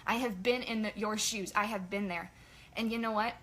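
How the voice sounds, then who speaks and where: A woman leading a casual motivational team training, chatty and energetic in her pep talk. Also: mid-range voice, normal speed. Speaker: sales team leader.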